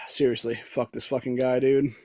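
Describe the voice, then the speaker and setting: A man's voice: mid-range voice, a little mellow, no echo. A man hosting a casual political show, ranting angrily with heavy profanity and calling everyone "dude". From Ohio, USA. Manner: profane, angry, says "dude" often. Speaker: podcast host.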